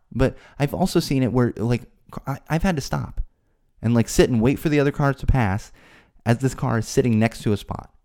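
A man hosting a solo podcast, ranting in an exasperated way, his voice climbing high when he gets worked up. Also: a little mellow. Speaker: podcast host. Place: home studio.

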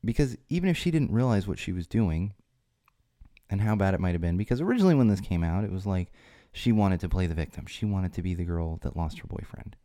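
A man's voice: low-pitched, animated, fast talker, mellow, dry recording, clean studio sound. A man hosting a solo podcast, talking in a rambling way with restarts and fillers, and getting more emphatic when he stresses a point. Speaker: podcast host.

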